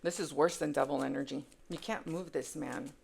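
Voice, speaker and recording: A woman with a low, gravelly voice talks through a tarot reading in a loose, casual way. She hammers points home by repeating words. She drops into near-mutters, then jumps up into loud, high exclamations. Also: steady tone, normal speed. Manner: emphatic, repeats words for effect; swings between hushed asides and loud exclaims. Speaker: tarot reader.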